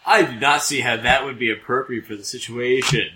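A man's voice: medium pitch, brisk, background noise. A man playing a tabletop game, speaking with mock politeness and formal wording in character. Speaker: player. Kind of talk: casual tabletop game play.

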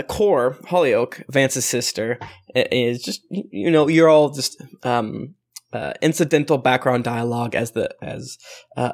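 A man's voice: fairly high pitch, a little mellow. A man narrating a tabletop game as game master, rambling with many fillers. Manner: rambling, many fillers, laughs at own jokes.

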